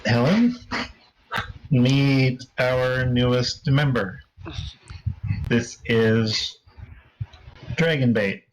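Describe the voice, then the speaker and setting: A man narrating as game master in a tabletop role-playing game, with slow, measured delivery. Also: mid-range voice, poor audio.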